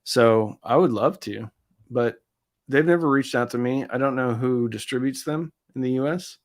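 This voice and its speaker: A man with a medium-pitched voice hosts a casual live stream, reading viewer comments aloud and answering them loosely with plenty of fillers and quick asides.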